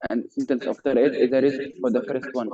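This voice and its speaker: A man's voice: medium pitch, little pitch movement, fast, mellow, slightly rough, no echo. Hesitant male student, dull lo-fi sound. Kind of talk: answering in class.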